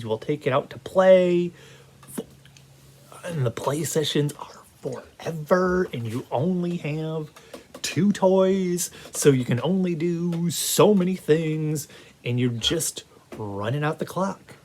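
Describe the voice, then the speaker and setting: A man giving a casual video game review, talking in an animated, rambling way full of restarts. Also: fairly high pitch, unhurried, a little hiss or hum.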